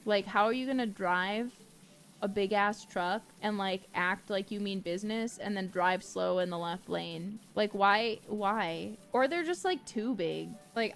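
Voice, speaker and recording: A woman streamer chatting casually and ranting in an exasperated way. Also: mid-range voice. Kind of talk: casual chat.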